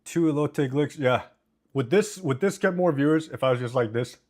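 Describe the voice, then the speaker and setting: Speaking at a moderate pace, this man has a somewhat high, slightly mellow voice with lively intonation. He's streaming live from his home, eating while he chats casually and reads viewers' messages out loud, all through a noise-cancelling desk microphone indoors.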